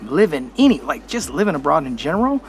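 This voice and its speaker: A man's voice: on the high side, sing-song, fast, slight background noise. An American man vlogging in a candid, reflective way, full of casual slang. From United States. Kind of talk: casual talk to camera.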